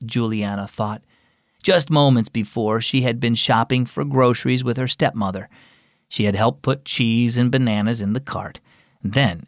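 A man hosting and narrating a children's devotional radio program, telling the story in a friendly, expressive studio voice. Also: mid-range voice, dry recording. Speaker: host and narrator.

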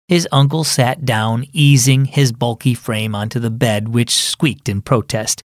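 A man's voice: medium pitch, normal speed, no room sound. Earnest man hosting a kids' devotional. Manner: friendly, earnest storyteller reading to kids. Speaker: host of a children's devotional program. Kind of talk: scripted children's devotional narration. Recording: dry studio voice with faint music.

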